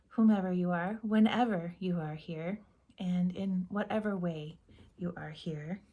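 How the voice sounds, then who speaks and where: Woman tarot reader, gentle and unhurried, mellow low-ish voice, soft breathy tone with half-whispered asides. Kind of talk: slow, soft-spoken tarot reading.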